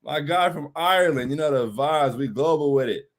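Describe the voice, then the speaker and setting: A man's voice: fairly high pitch, moderate pace. A man hosting a casual livestream chat, reading viewer comments and answering in an emphatic, slangy way. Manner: hype, emphatic, repeats phrases, slangy.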